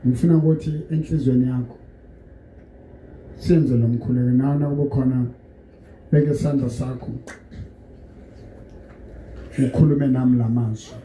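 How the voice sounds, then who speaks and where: A man's voice: mid-range voice, steady tone, fairly quick, dark tone. A man preaching and leading a church service, switching languages and guiding the congregation through call-and-response prayer. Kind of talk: sermon and led prayer. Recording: echoey noisy church hall.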